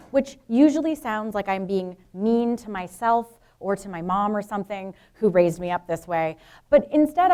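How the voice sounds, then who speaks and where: A middle-aged woman from Brooklyn and New Jersey, a professor, gives a public lecture in a frank, informal way and makes asides to the audience. Her voice is a little high and a little mellow.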